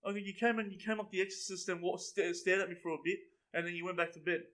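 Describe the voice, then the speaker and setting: A young man with a high voice chats casually and talks fast, telling a laid-back story in a relaxed way and saying "bro" a lot.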